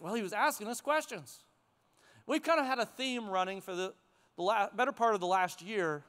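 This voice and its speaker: A middle-aged male pastor preaching a sermon to his congregation in a church sanctuary, in a conversational, animated way with chuckles. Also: high voice. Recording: long hall reverb.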